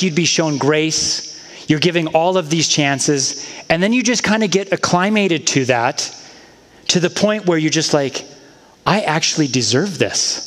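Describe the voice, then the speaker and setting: A man preaching a sermon as a pastor, in a conversational style with casual asides. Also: a little high. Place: church sanctuary. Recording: long church-hall reverb.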